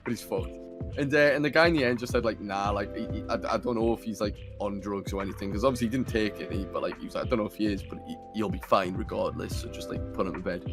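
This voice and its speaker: A man's voice: lowish voice, fast talker. Young guy rambling through a story, swears a lot, faint music behind. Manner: sweary, rambling, lots of fillers. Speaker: podcast host. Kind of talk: casual storytelling. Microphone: computer camera mic.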